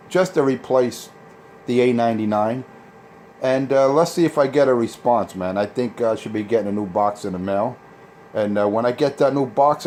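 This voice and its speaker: A man's voice: lowish voice, a little mellow. A man on CB radio, boasting and trash-talking rivals in a repetitive on-air rant. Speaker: CB radio operator. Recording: CB radio transmission with faint noise.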